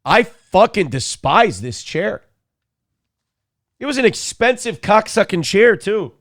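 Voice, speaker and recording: A man's voice: high-pitched, big pitch swings, slow pace, fairly bright tone, no room sound, clean studio sound. A sick, cranky man hosting a live morning show, crude and profane, mocking others with put-on voices. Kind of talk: profane live-stream commentary.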